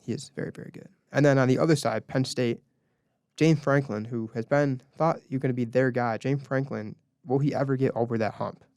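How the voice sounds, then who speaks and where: A man's voice: mid-range voice, fairly even intonation, normal speed, darkish tone, smooth, no echo. Young man on college sports radio, dry studio. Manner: reads off stats, leads the segments. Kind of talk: casual sports talk.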